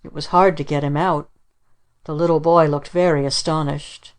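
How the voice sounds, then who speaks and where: Low-voiced woman narrating a storybook. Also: steady tone, clear, resonant tone. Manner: measured storytelling. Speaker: audiobook narrator. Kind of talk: scripted narration.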